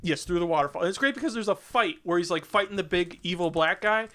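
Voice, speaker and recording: A man co-hosting a casual movie podcast, retelling scenes with animated quoted lines and frequent laughter. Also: high-pitched, quick pace. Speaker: podcast co-host. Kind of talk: casual movie recap chat.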